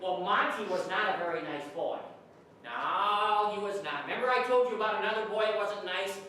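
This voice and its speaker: A man's voice: high voice, moderate pace, bright, forceful tone. A man playfully spins silly school stories for a room of children, stopping to ask them questions as he goes. He sounds distant, caught by a far-off camera in a church hall. His voice bounces around the very echoey room over a faint hiss. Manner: playful, chatty, asks kids questions. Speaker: children's entertainer. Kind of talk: comic storytelling to children.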